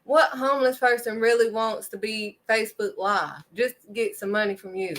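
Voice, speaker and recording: A woman's voice: on the high side, fairly even intonation, normal speed. A woman giving an impassioned faith talk to her viewers, emphatic and preachy, driving points home with a firm "period.". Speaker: faith vlogger.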